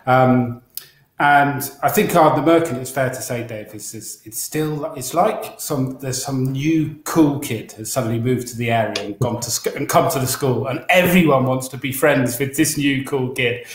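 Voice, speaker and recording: A man from England, speaking mid-range at ordinary speed, co-hosts a relaxed talk show. Enthusiastic and prone to rambling, he frequently restarts what he's saying, and the recording carries a roomy echo.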